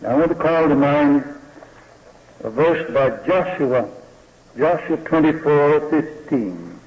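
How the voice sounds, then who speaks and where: A man preaching a sermon slowly and deliberately, often asking the listeners rhetorical questions. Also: on the high side, expressive. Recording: dull lo-fi recording in a reverberant hall.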